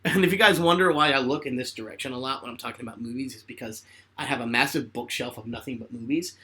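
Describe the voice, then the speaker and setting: A man's voice: mid-range voice, fast, sharp tone. A young man casually chatting on a live stream at home, answering viewer questions with rambling, laughing talk. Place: home room with bookshelf.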